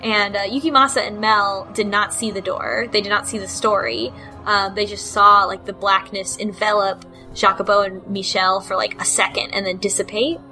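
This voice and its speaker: Bright-voiced woman retelling a story. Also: mid-range voice, normal speed, faint music behind, rough recording. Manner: animated retelling, acting out lines, laughs often. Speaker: podcast co-host recapping a story game. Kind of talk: casual chat.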